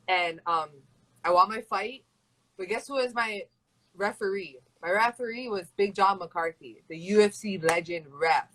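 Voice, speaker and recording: A woman's voice: mid-range voice, measured pace, fairly bright tone, poor audio. A young woman from Hawaii, a fighter chatting in an interview with a rambling, casual flow. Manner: chatty and rambling, full of "like" and "you know". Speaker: MMA fighter and guest.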